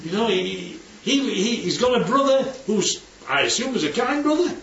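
A man's voice: high-pitched, lively intonation, normal speed, creaky, a bit bright. A man giving an informal Bible teaching to a group, often asking the listeners questions and checking they follow. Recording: distant, dull, roomy recording with faint noise.

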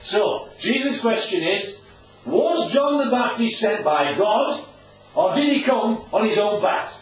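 Lively preacher in an echoey hall. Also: male voice, high-pitched, takes it slowly. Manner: chatty, asks the audience questions. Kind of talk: informal Bible teaching with slides. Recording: distant, echoey, dull room recording.

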